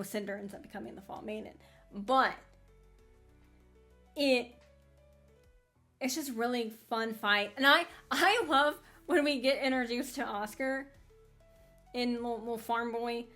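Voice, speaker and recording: A woman hosting a casual anime fan commentary, rambling in an animated way with frequent laughs and restarts. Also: fairly high pitch.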